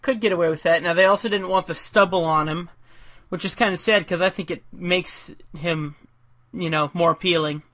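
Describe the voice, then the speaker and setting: A man's voice: high-pitched, steady tone, moderate pace, fairly bright tone. A man who is a caricature artist, giving casual drawing commentary in a rambling, self-deprecating way, thinking aloud as he works.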